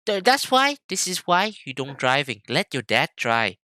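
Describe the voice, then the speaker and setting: A man putting on an impatient mother who scolds in broken English, her voice pitched high and swooping. The rant tumbles out bright and sharp over a dry, close mic. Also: very animated, normal speed, slight background noise. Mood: nagging, exasperated. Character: scolding immigrant mother, middle-aged, impatient. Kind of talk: comic impression in podcast chat.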